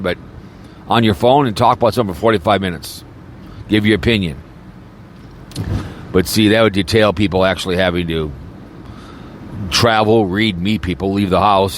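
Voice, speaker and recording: A man's voice: low-pitched, a little hiss or hum. A man podcaster in a rambling, crude and mocking casual rant, talking from a car. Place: in a car, snowy weather.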